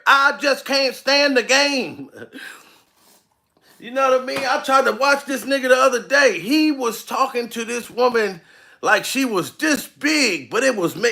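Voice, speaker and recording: A man's voice: very high-pitched, expressive, normal speed, creaky, sharp tone. A male comedian ranting on a livestream, profane and laughing often as he speaks to his target directly. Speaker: comedian streaming live. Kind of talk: comedic rant to camera.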